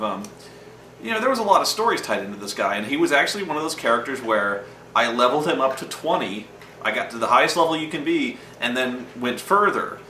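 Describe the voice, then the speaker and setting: A man's voice: mid-range voice, pushed and bright, a little hiss or hum. A man hosting a show, telling gaming stories in a rambling, profane, casual monologue and acting out the lines he quotes. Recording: roomy echo from a distant mic.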